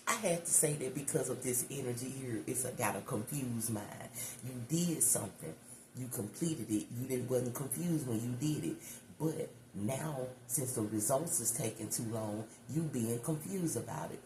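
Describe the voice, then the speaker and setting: A woman tarot reader telling a story to her viewers in a chatty, animated, profane way, calling them y'all. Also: extremely low pitch, moderate pace. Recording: echoey room with background noise.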